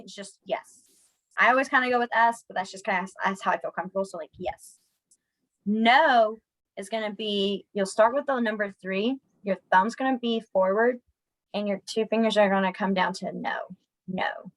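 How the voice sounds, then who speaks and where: A woman's voice: medium pitch, poor audio. A young woman, teaching a casual sign language class in a chatty, self-deprecating way. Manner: chatty, self-deprecating, animated when students try signs. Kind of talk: casual online class instruction.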